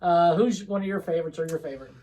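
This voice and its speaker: A man's voice: a little high, racing, dark tone, rough recording. A man co-hosting a casual vlog chat, telling work stories with lots of ums and restarts. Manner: rambling, many fillers and restarts. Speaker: co-host.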